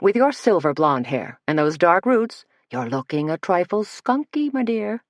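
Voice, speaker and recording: A woman's voice: lowish voice, sing-song, unhurried, dry recording. A woman narrator voicing a cooing, giddy male hair stylist.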